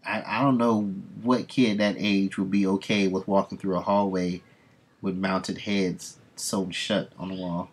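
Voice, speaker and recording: A man's voice: sits low, little pitch movement, measured pace, breathy edge. A man reading comics aloud and commenting bluntly, swearing as he reacts. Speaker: comic book reader host.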